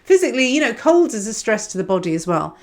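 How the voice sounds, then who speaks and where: A woman's voice: a little high, sing-song, fast talker. A woman giving a casual astrology reading, rambling and self-mocking. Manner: rambling, digressive, self-mocking, laughs often.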